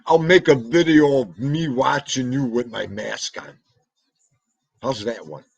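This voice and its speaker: Raspy New York man chatting on a livestream. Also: medium pitch, unhurried, no echo, rough recording. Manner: chatty, shouts out viewers by name, jokey. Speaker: live podcast host reading chat. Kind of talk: casual livestream chat.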